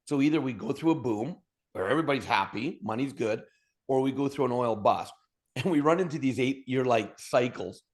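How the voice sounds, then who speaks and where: A man from Alberta, a podcast guest telling his story with high energy and humor and acting out bits of dialogue. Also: brisk. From Alberta, Canada. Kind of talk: storytelling interview talk.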